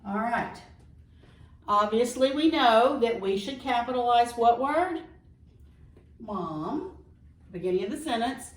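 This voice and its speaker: A woman teacher reading example sentences slowly and explaining grammar step by step in a patient, careful way. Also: fairly high pitch, lively intonation. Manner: slow, patient, reads sentences aloud carefully. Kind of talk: recorded classroom lesson. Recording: echoey room, far from mic.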